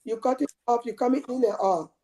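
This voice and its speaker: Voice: medium pitch, quick pace, warm tone. A moderator on a video call, speaking informally and conversationally and handing the floor to others in a casual group discussion.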